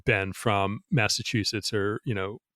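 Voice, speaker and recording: A middle-aged former counterintelligence agent, appearing as an interview guest, explains things frankly in a lowish, steady, unhurried voice with a fairly bright tone. He rambles casually, peppering his talk with "you know" and restarts, and the recording is echo-free studio quality.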